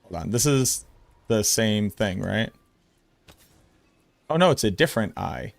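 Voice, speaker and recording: A man streaming, giving casual commentary in a blunt, excitable way and swearing freely. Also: lowish voice, a little slow, gravelly, dry recording.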